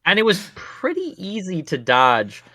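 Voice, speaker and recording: Bright-voiced rambling podcast guy. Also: sits high, wildly swooping pitch, unhurried, no room sound, studio quality. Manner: rambling, filler-heavy, easygoing. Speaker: podcast co-host. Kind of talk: casual game review chat.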